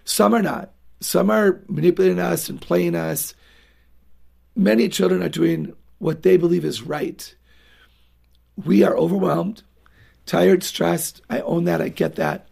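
A woman's voice: fairly low pitch, measured pace, vocal fry, darkish tone, husky. A woman guest on a radio show, talking earnestly and emphatically about raising children, sometimes acting out what a parent and child would say. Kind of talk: radio interview talk.

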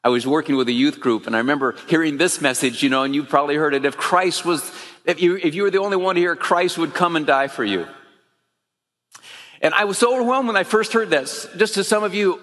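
High-voiced guy preaching his testimony, earnest, big hall reverb. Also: brisk, fairly bright tone. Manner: earnest storytelling, emphatic rising phrases. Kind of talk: sermon testimony.

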